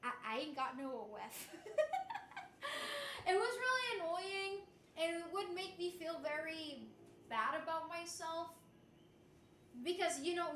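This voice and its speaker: Young woman streamer, forceful bright tone, chatty and blunt, in a roomy echoing space. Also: high-pitched, slight background noise. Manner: candid, chatty, swears freely, reads chat aloud. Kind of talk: casual chat. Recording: roomy echo.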